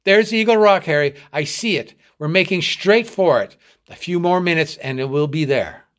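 A man voicing a steady superintendent. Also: a little high, moderate pace, lightly acted. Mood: urging. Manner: firm and reassuring, calling out. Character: steady, encouraging adult male superintendent and guide.

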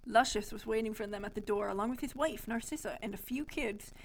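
A woman's voice: fairly high pitch, brisk, a little hiss or hum. A young woman co-hosting a podcast, reading her childhood story aloud in bursts, giggly and self-mocking. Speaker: podcast co-host.

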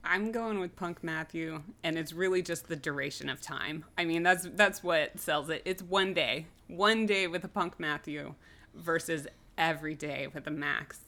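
A woman's voice: deep voice, moderate pace, pushed and bright. Wry woman on a casual podcast. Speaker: podcast co-host.

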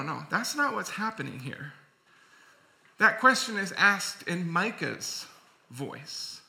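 Male preacher, bright and sharp tone, chatty sermon with restarts. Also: on the high side, vocal fry. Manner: conversational, self-correcting, with repeated words.

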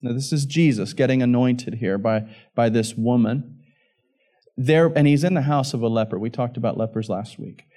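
A man's voice: mid-range voice, normal speed, warm tone. A man preaching a sermon as pastor, reading scripture with rising passion and emphatic peaks.

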